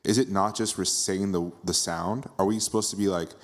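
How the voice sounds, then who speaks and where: A man's voice: low voice, steady tone, brisk. A man in the audience at a temple lecture, asking a question with hesitant restarts. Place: temple hall.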